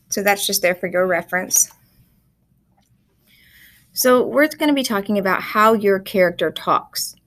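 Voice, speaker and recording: A woman teacher explains a writing lesson for a recorded class. She speaks calmly and clearly, pausing to walk her students through each step. Her voice sits at an ordinary middle pitch. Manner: calm, explanatory, measured.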